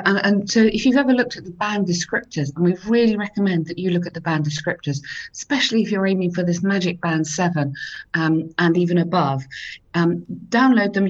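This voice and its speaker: A woman's voice: fairly low pitch, dull audio. A woman from the UK, an IELTS teacher, giving encouraging, chatty advice in a casual discussion, with lots of "um" as she talks.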